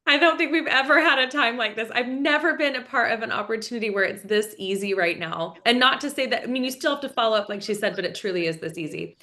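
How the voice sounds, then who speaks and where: A woman's voice: fairly high pitch, fast, hardly any pauses, sharp tone. A woman hosting a group video call, encouraging and calling on people by name. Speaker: host.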